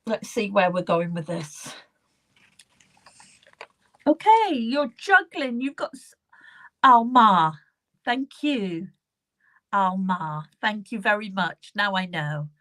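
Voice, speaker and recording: A woman's voice: medium pitch, sing-song, takes it slowly, pauses often, sharp tone. A woman giving live psychic readings, speaking earnestly and repeating herself as she addresses viewers by name. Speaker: psychic medium.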